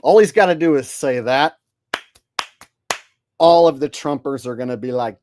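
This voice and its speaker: A man's voice: mid-range voice, moderate pace, pauses often, a little mellow, dry recording, studio quality. A man hosting a show, giving casual, wry commentary. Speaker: show host.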